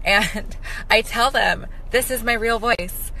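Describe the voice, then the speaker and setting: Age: young adult. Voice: bright, unhurried woman. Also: a little high, vocal fry, slight background noise, low-quality recording. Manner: chatty, lots of "like" fillers. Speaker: TikTok creator. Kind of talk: casual to-camera talk.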